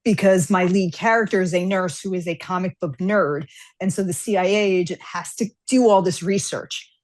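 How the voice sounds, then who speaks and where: A woman guest author chatting casually on a podcast, telling stories with lively acted-out dialogue. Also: lowish voice, normal speed. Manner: animated storyteller, acts out characters' lines.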